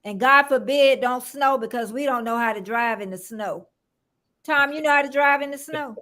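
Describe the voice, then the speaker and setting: A woman's voice: sits high, moderate pace, pushed and bright. An older woman from Florida hosting a casual livestream, chatting with a guest and greeting viewers by name with frequent laughter. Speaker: livestream host.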